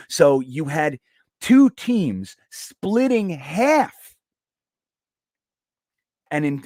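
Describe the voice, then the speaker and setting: A man hosting a live watch party stream, chatting casually and reading viewer comments aloud in a rambling, animated way. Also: on the high side, no echo, studio quality.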